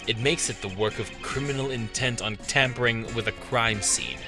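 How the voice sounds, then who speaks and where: A man voicing a cool, haughty male prosecutor who speaks in a measured, formal, condescending way. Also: mid-range voice, over music, voice pushed down, close to an everyday voice. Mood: cold.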